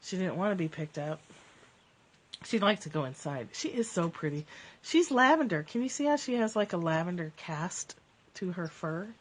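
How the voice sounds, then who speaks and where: Streaming casually from home on a phone or webcam, a woman shares spiritual readings and small talk, frequently laughing at her cats' interruptions. She has a lowish voice with lively intonation and a moderate pace.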